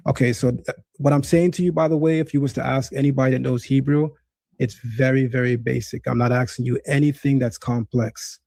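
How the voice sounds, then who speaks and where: A man's voice: mid-range voice, fairly even intonation, a little fast, creaky, dark tone, no echo. A man hosting a live stream, teaching Hebrew and debating a caller, emphatic and insistent, repeating points to drive them home.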